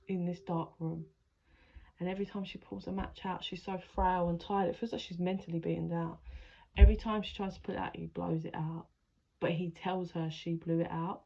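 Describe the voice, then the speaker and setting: A woman's voice: lowish voice, creaky, mellow, breathy edge, muffled recording. A woman giving a channeled tarot reading in a rambling, emotional way, swearing freely as she narrates. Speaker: spiritual adviser, tarot reader.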